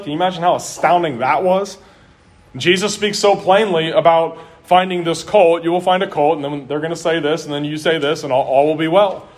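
Male pastor with a slightly high voice, earnest preaching delivery. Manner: earnest preaching, varies pace and volume for emphasis. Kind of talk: sermon.

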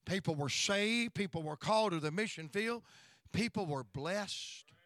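A man's voice: sits high, lively intonation, measured pace, fairly bright tone, dry recording. A middle-aged male pastor telling stories in a sermon, emphatic and folksy, often breaking into praise. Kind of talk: storytelling sermon.

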